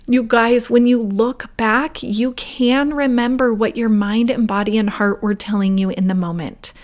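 A woman with a fairly high voice hosts a parenting talk, unhurried and gentle as she tells a story and guides her listeners. She often lets her voice sink into a soft whisper. Her pace stays slow and deliberate throughout. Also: steady tone. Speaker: parenting podcast host.

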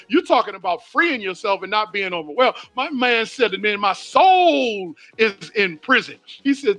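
Preacher guy, high voice, folksy sermon, faint music behind. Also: sharp tone. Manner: preachy and conversational, reads scripture slowly, asks the listeners directly. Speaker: pastor.

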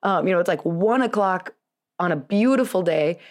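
Chatty woman podcast host, lowish voice. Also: lively intonation, normal speed. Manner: chatty, self-deprecating, laughs often. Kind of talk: casual storytelling monologue.

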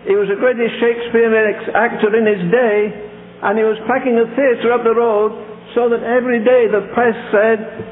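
An older man preaches a fiery, exhorting sermon full of rhetorical questions. His voice is high-pitched. The recording is tinny and phone-like, with a long echo from a large hall. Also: flat delivery, moderate pace, a little hiss or hum.

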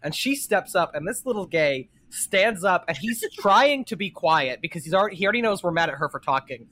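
A man co-hosting a podcast, telling animated stories in casual chat and swearing freely. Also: high-pitched, brisk. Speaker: podcast co-host.

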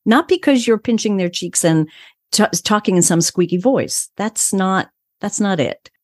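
An older woman, a voice coach, giving calm and assured advice in an interview. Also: medium pitch, a little slow, no room sound, studio quality. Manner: calm, assured, explains in a teaching way. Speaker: voice coach guest.

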